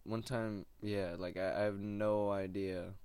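A laid-back young man talks in a loose, wandering monologue, full of slang and side thoughts. His voice sits on the low side, and the sound is close and dry with no room echo. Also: fairly even intonation, measured pace, a little mellow, clean tone. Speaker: stand-up comic doing open mics. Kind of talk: casual rambling monologue.

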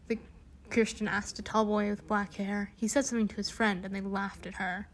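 A woman's voice: medium pitch, fairly even intonation, fairly quick. A young woman casually reading a children's book aloud, throwing in sarcastic asides and slang abbreviations. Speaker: reader.

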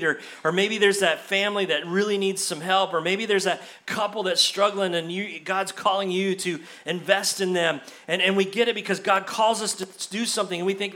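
Male pastor, high bright voice, lively church sermon that dramatizes the excuses he quotes. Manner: animated preaching, acts out quoted excuses in a higher voice. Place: church sanctuary.

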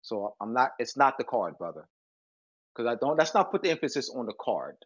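A man's voice: medium pitch, big pitch swings, fairly quick, breathy edge, dull audio. A man speaking as a guest author, lecturing with emphatic repetition and frequent restarts. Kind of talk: lecturing interview talk.

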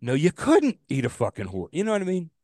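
A man's voice: fairly high pitch, wildly swooping pitch, quick pace, dark tone, no room sound, clean studio sound. A man co-hosting a casual podcast, ranting about a pet peeve, swearing freely and restarting his sentences. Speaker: podcast co-host.

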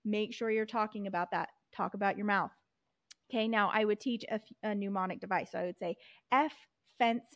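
A woman's voice: mid-range voice, fairly even intonation, fairly quick, no room sound. A woman hosting a podcast and teaching reading, explaining step by step and modelling letter sounds. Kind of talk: instructional explanation.

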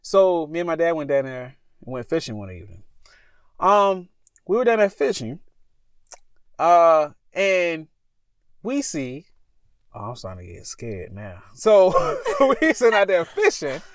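Rambling man with a lively, bouncing voice. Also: fairly high pitch, clean tone, dry recording, studio quality. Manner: rambling and animated, stops to correct himself. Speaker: podcast co-host telling a scary story. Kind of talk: casual storytelling chat. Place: parked car.

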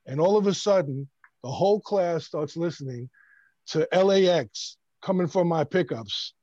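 A man from Brooklyn, a bass player, tells a story casually and with energy, often restarting his sentences. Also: normal speed, no room sound, dull audio. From Brooklyn, New York. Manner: animated, stammering restarts.

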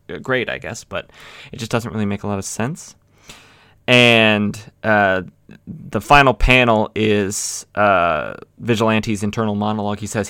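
A man with a bright, forceful voice recaps a comic issue in an easy, rambling way, full of fillers and restarts. His pitch sits a bit low, and the sound is dry and close. Now and then he slips into quick acted-out lines. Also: no echo. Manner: rambling, many fillers and restarts, acts out quotes. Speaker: comic book podcast host.

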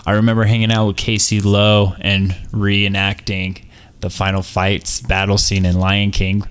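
Young man, low-pitched, loose jokey podcast co-host who swears freely. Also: completely flat delivery, moderate pace, smooth. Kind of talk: casual chat.

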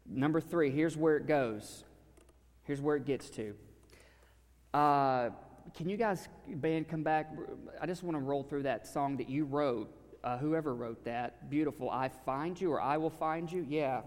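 Preacher in a reverberant hall. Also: male voice, mid-range voice, a little slow. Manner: conversational, swings from loud to hushed. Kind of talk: sermon. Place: church sanctuary with a live audience.

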